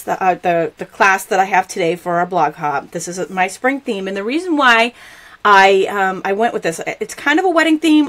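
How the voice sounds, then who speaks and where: A middle-aged woman hosting a live craft stream, chatting casually and gushing excitedly to her viewers. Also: lowish voice. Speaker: stamping demonstrator hosting a live craft show.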